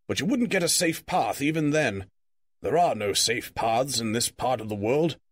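A man reading a story aloud, voicing a brisk, teasing old wizard in a lively, raised voice. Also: mid-range voice, slightly rough, no room sound. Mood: cheerful.

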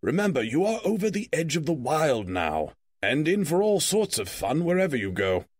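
A man reading a story aloud, voicing a brisk, teasing old wizard in a lively, raised voice. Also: a little high, no room sound, studio quality, pitched above the performer's own voice. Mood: cheerful.

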